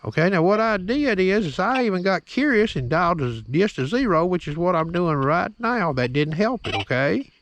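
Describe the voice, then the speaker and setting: Outdoors against a noisy background, a metal detecting hobbyist with a high, animated voice demonstrates his detector at a moderate pace with few pauses. His hands-on tutorial is plain-spoken and drawling, and he keeps checking in with the viewer by asking "okay?".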